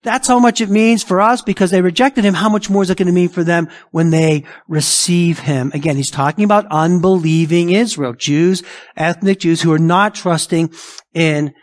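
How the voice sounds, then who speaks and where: Preaching at an ordinary pace, this man's voice sits high as he delivers his sermon with emphasis. Along with rhetorical questions, he voices imagined objections, raising his voice to act them out.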